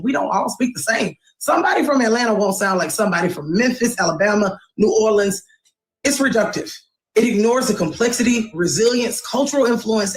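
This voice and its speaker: A woman's voice: mid-range voice, echoey room. A woman hosting a satirical news show, delivering her lines in a sarcastic, theatrical way.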